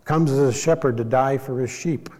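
In this sermon, a male preacher with a mid-range voice teaches Bible lessons at an unhurried, measured pace, now and then correcting himself slightly. The hall around him echoes, and his explanations stay calm throughout.

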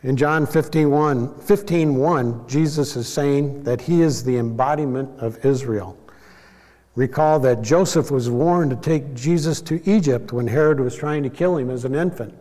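Male preacher, mid-pitched, teaching in a calm, explanatory way; reverberant hall. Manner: measured, explanatory, with small self-corrections. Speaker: Bible teacher. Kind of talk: sermon.

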